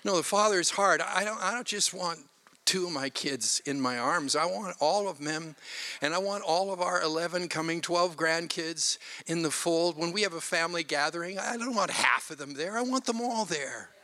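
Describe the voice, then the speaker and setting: An older man from Canada, a pastor preaching a sermon with animated, self-mocking stories. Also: fairly high pitch, normal speed. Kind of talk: sermon with storytelling.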